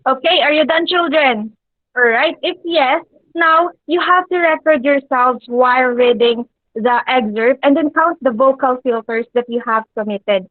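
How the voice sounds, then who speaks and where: A woman with a high voice leads a classroom lesson and stops often to check that her students follow. Her speech is paced with deliberate pauses and an occasional filler. The recording is dry and a little dull. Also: dry recording. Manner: asks the class frequent check-in questions. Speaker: English teacher. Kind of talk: classroom lecture addressing students.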